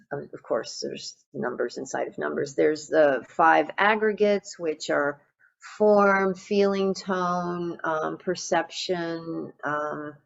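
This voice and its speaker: A woman meditation teacher giving a Buddhist dharma talk in a gentle, reflective way, with frequent fillers and restarts. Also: low voice, vocal fry, lo-fi sound.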